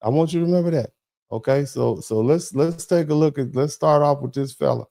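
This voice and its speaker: A man's voice: a little high, a little fast, vocal fry, mellow. A middle-aged man hosting a commentary livestream, emphatic and repetitive, with sarcastic asides to his chat. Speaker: host of a commentary broadcast.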